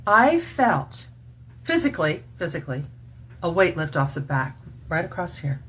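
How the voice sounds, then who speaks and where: An earnest, chatty woman in her sixties speaks straight into a camera mic at home. Her voice sits a little low, and she laughs easily as she talks. A faint hum runs under the recording. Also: lively intonation, normal speed. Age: 60s. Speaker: vlogger. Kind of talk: casual makeup chat and testimony.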